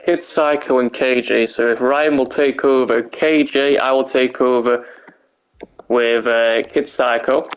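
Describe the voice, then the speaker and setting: A young man live-streams commentary on a wrestling video game, excitable yet tired, laughing and swearing often. His mid-range voice is hoarse and his pace measured.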